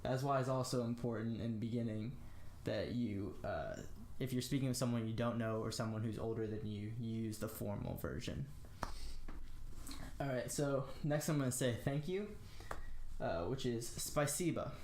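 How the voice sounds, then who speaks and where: A young American man giving a casual spoken language lesson, slowly demonstrating phrases with lots of "uh" and "um". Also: mid-range voice, a little mellow, roomy sound, a little hiss or hum. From United States. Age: young adult. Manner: slow, careful demonstration of phrases with frequent fillers. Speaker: language tutor.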